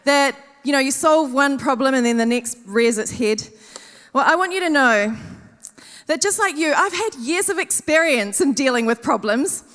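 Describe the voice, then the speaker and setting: A woman tells animated, self-mocking stories from the stage, acting out her own panic and other people's lines. Her voice sits high, and a long reverb trails behind it in a large hall. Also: normal speed. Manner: animated, self-mocking storytelling with acted-out quotes. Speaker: conference speaker. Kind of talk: storytelling sermon.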